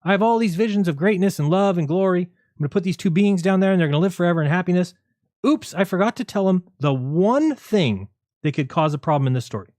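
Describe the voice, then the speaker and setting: A man's voice: high voice, animated, fast, darkish tone, dry recording, clean studio sound, pitched above the performer's own voice. A man putting on the voice of a careless, grandiose male creator god, in a mocking tone.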